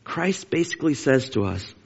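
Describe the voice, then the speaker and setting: A man's voice: on the high side, big pitch swings, moderate pace, vocal fry, darkish tone, breathy edge. A male pastor preaching a sermon to his congregation, earnest and emphatic, repeating his key phrases. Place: church sanctuary. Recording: dull lo-fi sound in a long-reverb sanctuary.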